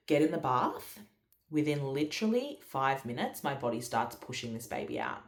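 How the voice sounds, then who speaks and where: A woman's voice: a bass voice, wildly swooping pitch, normal speed, reverberant. A woman, telling a story in a chatty, casual way with lots of fillers. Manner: chatty, many fillers and quoted dialogue. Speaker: vlogger.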